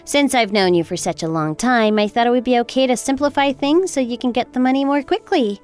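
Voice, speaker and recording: Lightly acted and a touch fast, a woman's high-leaning voice plays the daughter-in-law of a texting-story drama, a cool young wife calculatedly settling scores. She sounds sweetly polite and businesslike while still cutting, with faint music underneath.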